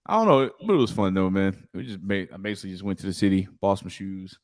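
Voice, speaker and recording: Speaking fast in a low voice, this Southern-accented podcast co-host chats and spins stories with easy laughter. The recording is dry and studio quality.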